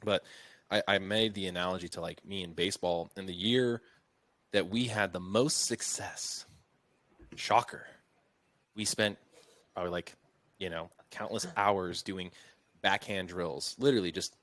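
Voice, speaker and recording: Deep-voiced man hosting a podcast. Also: fairly even intonation, a little slow, long pauses, fairly bright tone, dry recording. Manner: rambling, many fillers. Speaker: podcast host. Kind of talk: casual interview chat.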